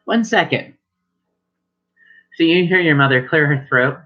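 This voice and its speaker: A man's voice: a little high, brisk, highs cut off. A man narrating a tabletop game as game master in a casual, rambling way.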